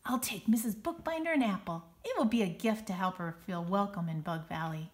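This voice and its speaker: A woman voicing an excitable young boy bug in a storybook read-aloud, bouncy and exclaiming. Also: medium pitch, a little fast, natural voice. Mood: cheerful.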